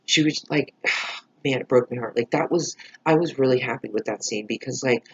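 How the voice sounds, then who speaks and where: A man's voice: medium pitch, moderate pace, slightly rough, highs cut off. A man reviewing a TV episode in a casual vlog, rambling with lots of "like" and frequent swearing.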